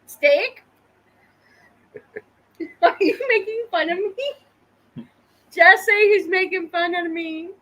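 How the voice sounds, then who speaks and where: A woman's voice: very high-pitched, takes it slowly, pauses often, a bit bright, low-quality recording. A woman from Oklahoma co-hosting a casual live podcast, teasing and laughing often. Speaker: podcast co-host.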